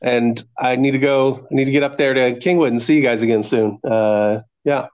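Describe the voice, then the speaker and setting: A man's voice: medium pitch, fairly even intonation, normal speed, darkish tone. A man, an old friend of the host, introducing himself in a hesitant way with lots of "uh" and "um". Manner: hesitant, many fillers. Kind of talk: casual chat.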